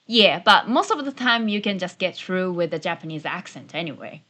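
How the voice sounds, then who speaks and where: Slow, friendly woman teaching travel phrases. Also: fairly low pitch, lively intonation. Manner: slow, deliberate modeling of phrases. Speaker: Japanese language teacher. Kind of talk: friendly travel language lesson. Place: New Zealand-based channel. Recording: soft background music.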